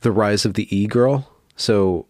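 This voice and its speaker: Male host, lowish voice, rambling casual delivery, close and dry. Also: unhurried, darkish tone, dry recording. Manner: loose, hedging with fillers. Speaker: podcast host. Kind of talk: casual chat.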